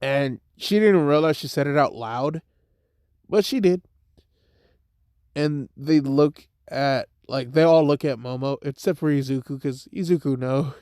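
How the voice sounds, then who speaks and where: Young male storyteller, slow drawl, loose slangy rambling, dry close mic. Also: fairly high pitch, a little mellow, clean tone, no room sound. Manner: rambling, heavy "like" and "type shit" fillers. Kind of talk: casual improvised fan-story retelling.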